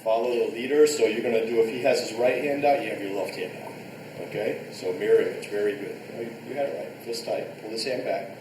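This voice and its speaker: A man teaching a live karate class, barking short commands and shouting counts, recorded in a restaurant event space from a distance. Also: lowish voice, steady tone, fairly quick, background noise. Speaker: martial arts instructor. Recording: echoey room, picked up from far off.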